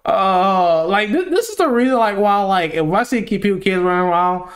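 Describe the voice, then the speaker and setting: A young man hosting a reaction video, chatting casually and excitably, laughing often and saying "bro" a lot. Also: high voice, moderate pace.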